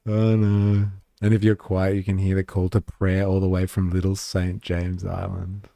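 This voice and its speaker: A sarcastic man reacting on a live stream, mocking what he hears and swearing casually. His voice sits low and mellow. The sound is close and dry. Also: monotone, moderate pace, gravelly, no echo.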